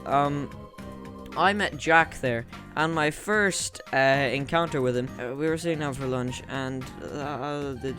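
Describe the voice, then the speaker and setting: An Irish man at a middling pitch tells stories in a loose, rambling way. He often trails off and restarts, chuckling at his own jokes as he hosts a casual chat. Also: fairly bright tone. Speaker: channel host.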